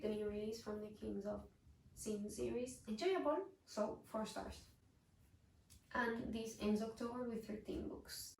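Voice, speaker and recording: A young woman talks through her reading year in a chatty, expressive vlog voice that sits a little high and carries some vocal fry. She is recorded from a distance, so the sound is roomy and echoey. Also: slight background noise. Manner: chatty and expressive, bursts into exasperated rants. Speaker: book reviewer. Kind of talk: casual book wrap-up vlog. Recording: roomy echo, mic at a distance.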